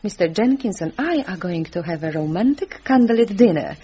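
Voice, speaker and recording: A woman's voice: medium pitch, lively intonation, fairly quick, warm tone, slightly rough. A woman voicing a tall, scheming, glamorous woman, talking in a sly, arch way. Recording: dull lo-fi sound.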